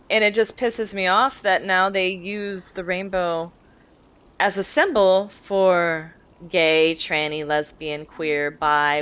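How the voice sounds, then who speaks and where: A woman's voice: lowish voice, fairly bright tone, clear, resonant tone, low-quality recording. A woman streamer chatting casually while playing a game, rambling in a heated, profane way. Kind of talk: casual chat while gaming.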